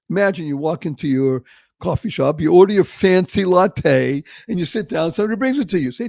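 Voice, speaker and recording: An older man from Boston with a Boston accent, hosting a motivational interview show with animated, emphatic storytelling. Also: sits high, moderate pace, vocal fry, dry recording. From Boston, Massachusetts. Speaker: show host.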